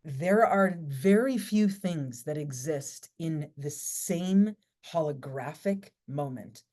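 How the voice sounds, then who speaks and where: A woman workshop teacher giving a reflective talk, speaking in measured, incantatory phrases built from lists. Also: low voice, warm tone.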